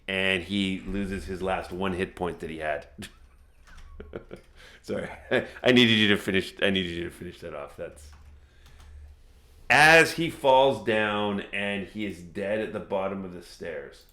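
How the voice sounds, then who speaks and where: Guy dm running a tabletop game, kinda low voice, chatty, laughs a lot, slows down for the big moments. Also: pushed and bright. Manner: chatty, laughs easily, slows down for dramatic narration. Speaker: game master. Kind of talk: narrating a tabletop game session.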